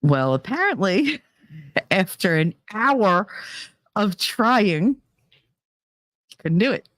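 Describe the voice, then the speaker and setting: A woman's voice: medium pitch, sing-song, extremely slow, a bit bright, dry recording, clean studio sound. A woman hosting a podcast, talking through a candid, casual monologue in a blunt, profane way, laughing often as she tells her stories. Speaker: podcast host.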